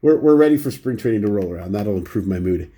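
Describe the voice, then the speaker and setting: A man's voice: fairly low pitch, expressive, fast talker, mellow. A man with a runny, stuffy nose chatting casually through a stack of baseball cards, rambling and poking fun at himself. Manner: rambling, self-deprecating, shows cards one by one. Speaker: baseball card vlogger. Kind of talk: casual chat.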